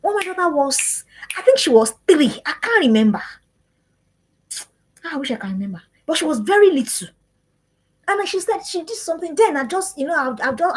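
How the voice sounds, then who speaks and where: A woman gives an earnest live-streamed parenting talk, repeating her questions in a preaching cadence. Her voice is high-pitched, and the audio quality is poor.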